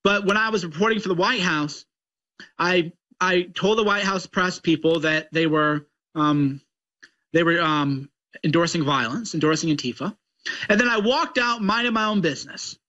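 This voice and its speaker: A man's voice: high voice, moderate pace, sharp tone, muffled recording. A man giving ranting political commentary in a mocking, combative way.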